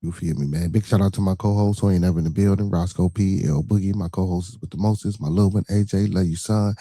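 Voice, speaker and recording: A man, hosting a casual livestream podcast in a laid-back, rambling way, repeating phrases and giving shout-outs. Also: deep voice, fairly even intonation, quick pace, no echo. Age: 20s. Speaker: podcast host.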